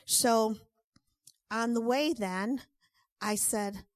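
A woman telling a personal testimony story in a chatty, animated way, acting out the quotes. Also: a little high, drawn-out words, dry recording, clean studio sound.

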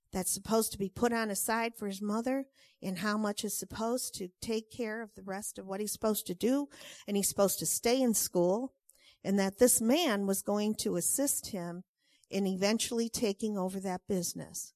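A woman telling a personal testimony story in a chatty, animated way, acting out the quotes. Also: mid-range voice, moderate pace, no echo, clean studio sound.

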